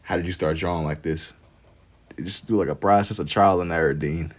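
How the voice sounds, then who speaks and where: A man's voice: low voice, fairly even intonation, brisk. A young man with a way of talking, drawing on a livestream and chatting easily with his viewers. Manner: laid-back, reads and answers chat while drawing. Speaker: livestream artist. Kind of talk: casual livestream chat.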